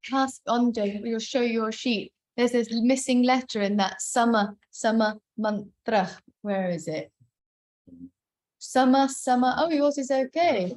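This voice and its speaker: A woman's voice: a little high, slow pace, a little mellow, reverberant. A woman teaching Sanskrit chanting over a video call, explaining each phrase and then chanting or singing it. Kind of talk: online chant rehearsal teaching.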